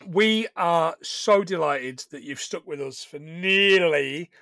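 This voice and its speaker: A man's voice: fairly high pitch, slow, vocal fry, sharp tone, no room sound. A man hosting a podcast in casual chat, swearing freely and laughing often. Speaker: podcast host.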